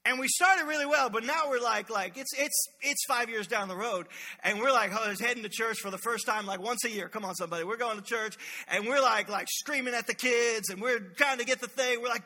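A male pastor preaches with a very high voice and a tense, cutting brightness, full of playful energy and call-outs to the congregation. The sermon rings through a church sanctuary with a long, trailing reverb. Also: fast talker.

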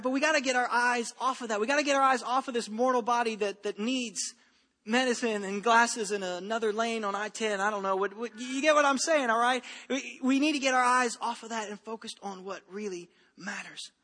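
A man preaches to his congregation in an easygoing, talky way, circling back and repeating himself. His voice sits very high and sounds bright. The sermon rings out with a long church-hall reverb. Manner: conversational preaching with frequent asides and repeated phrases. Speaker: pastor.

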